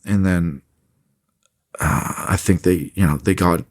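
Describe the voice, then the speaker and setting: A man recounting a painful memory in an interview, halting and restarting as he talks. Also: low-pitched, dry recording, clean studio sound. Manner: halting, with many restarts and fillers. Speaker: interview guest.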